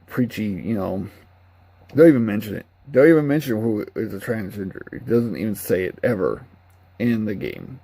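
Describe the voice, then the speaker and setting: A man's voice: on the low side, big pitch swings, normal speed, gravelly, mellow, husky, dry recording. A man giving a casual, rambling, candid spoken review of a video game. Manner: rambling, candid, laughs at his own retellings.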